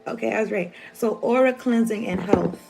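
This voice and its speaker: A woman's voice: medium pitch, moderate pace, creaky, music in the background. A woman giving a casual, rambling tarot reading to her viewers, chatty and slangy. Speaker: tarot reader. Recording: noisy home recording.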